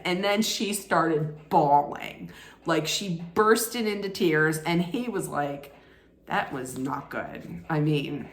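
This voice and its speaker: A woman recapping a reality show in a casual, sarcastic way, laughing at her own jokes. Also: on the low side. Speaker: recap vlogger. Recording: echoey room.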